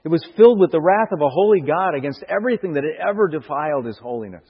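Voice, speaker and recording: Husky-voiced preacher in an echoing hall. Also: male voice, a little high, lively intonation, fast talker. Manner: earnest, rhetorical questions, stammered restarts, rising to emphatic bursts. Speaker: pastor. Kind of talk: sermon. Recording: dull lo-fi sound with hall reverb.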